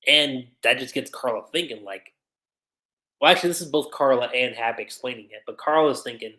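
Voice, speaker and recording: Anime reviewer, casual livestream recap, lively swooping pitch, mid-range voice, reads character lines aloud. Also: normal speed.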